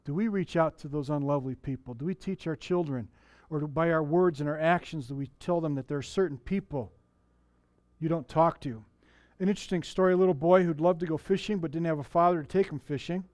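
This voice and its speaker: A middle-aged male pastor delivers a sermon in a relaxed, conversational way, often restarting his sentences and putting questions to the congregation. His voice sits a little high for a man. The sound is dry and close, with little room echo. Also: a little fast. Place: church.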